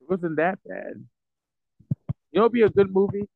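A man's voice: sits high, moderate pace, no echo, phone-quality sound. A man in a casual podcast chat who keeps interrupting and tries to wrap things up. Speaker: podcast co-host.

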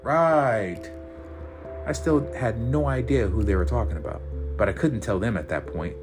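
A man hosting a podcast, reading a serialized story aloud in a relaxed way with fillers. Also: lowish voice, a little fast. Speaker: podcast host and story reader. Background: guitar music.

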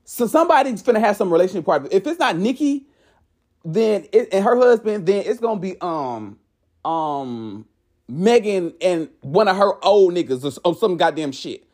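Late night podcaster at home, chatty and profane, pitch all over the place. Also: moderate pace. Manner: animated, profane, laughs often. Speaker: podcast host. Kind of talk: casual late-night gossip and card-reading chat.

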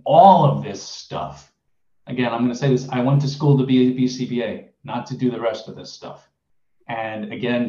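A man's voice: mid-range voice, a little mellow, echoey room, lo-fi sound. A man who owns a behavior analysis clinic, speaking earnestly and at length on a panel, with some emotion. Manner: earnest, emotional, long-winded. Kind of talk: panel discussion.

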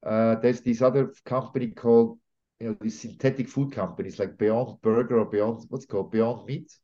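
Man, interview guest, emphatic, opinionated, halting with fillers, mellow tone, slightly muffled recording. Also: lowish voice, fairly even intonation. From Switzerland. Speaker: podcast guest. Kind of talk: conversational interview. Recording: slightly dull lo-fi audio.

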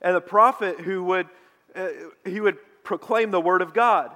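Male pastor, sermon, high voice, animated storytelling, long hall reverb. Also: moderate pace. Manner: animated storytelling preacher, mocking shouts in quoted lines.

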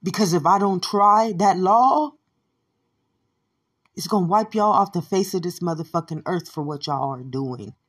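A woman delivering a profane, repetitive monologue, shouting at times and muttering low at others. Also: unhurried, breathy edge. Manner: swears constantly, repeats phrases, swings from shouting to low mutters.

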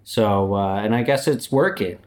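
A man's voice: fairly low pitch, unhurried, natural voice. A man playing a boastful, swaggering personification of human error in a comedic interview. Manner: swaggering, boastful, laid-back. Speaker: company anti-mascot guest.

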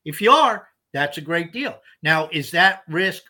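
Male podcast co-host, fairly high, bright tense voice, emphatic explainer. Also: animated, unhurried. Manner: explanatory, emphatic, repeats words when starting over. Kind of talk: casual podcast discussion.

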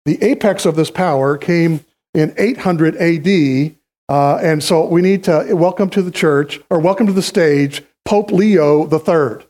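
A man's voice: fairly high pitch, unhurried, a little mellow. A male pastor giving a conversational, teaching sermon from a church stage, calling volunteers up to act out a history lesson.

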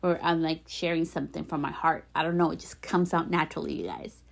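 A woman in her thirties hosting a heartfelt solo podcast, talking gently and warmly with encouraging affirmations and a light giggle now and then. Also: low-pitched, steady tone, fast, gravelly. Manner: gentle affirmations, repeats herself for emphasis. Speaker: podcast host.

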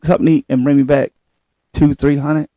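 A middle-aged man in casual chat with friends, telling stories in a relaxed way and laughing often. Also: a little high, a little fast, no echo. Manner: laid-back storyteller, laughs often, trails off.

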